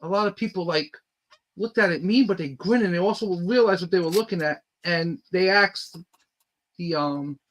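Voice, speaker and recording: A man's voice: high voice, normal speed, fairly bright tone, rough recording. A man who creates his own comic books, telling stories eagerly in a casual podcast chat and rambling with lots of fillers. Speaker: independent comic book creator, guest.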